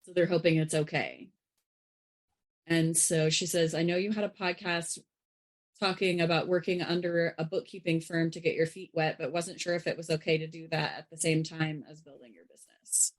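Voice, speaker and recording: A woman's voice: low voice, fairly even intonation, moderate pace. A woman on a podcast chatting casually and reading listener questions aloud, with small hesitations. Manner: chatty, slightly hesitant reader.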